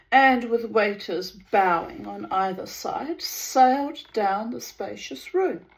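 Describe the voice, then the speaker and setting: A woman reading a story aloud in a measured way, lingering over words. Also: a little high, vocal fry, fairly bright tone, low-quality recording. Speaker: reader of a story.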